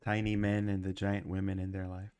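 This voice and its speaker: A man's voice: deep voice, completely flat delivery, fairly quick, a little mellow, smooth. A man who is sick with a cough, chatting casually while he livestreams his animation work and rambling with lots of ums and uhs.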